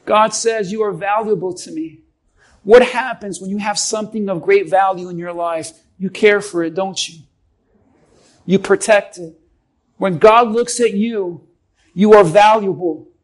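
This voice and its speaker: A man's voice: high-pitched, fairly even intonation, a little slow, poor audio. A man preaching a sermon as a pastor, emphatic and calling on the congregation to respond.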